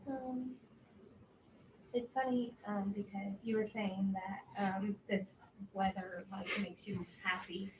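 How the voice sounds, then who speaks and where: A woman sharing in a group, hesitant and emotional, speaking softly with many fillers. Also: medium pitch, level tone, slow pace. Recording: distant mic with faint noise.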